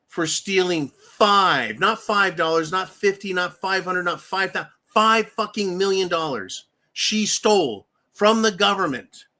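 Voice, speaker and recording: A man's voice: high-pitched, pushed and bright. A man hosting a profane political rant, angry and mocking, with frequent swearing. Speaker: political commentary host.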